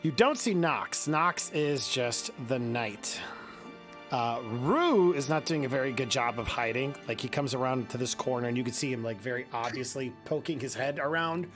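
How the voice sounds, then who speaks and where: A man's voice: mid-range voice, expressive, normal speed, over music. A man with a Midwestern accent, running a tabletop game as game master and explaining the rules in a casual, rambling way. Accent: Midwestern American.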